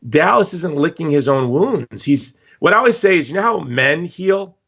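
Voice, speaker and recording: A man's voice: on the high side, moderate pace, gravelly. Emphatic man telling stories, dull audio. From Hawaii. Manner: emphatic, animated storytelling. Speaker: guest. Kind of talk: casual interview talk.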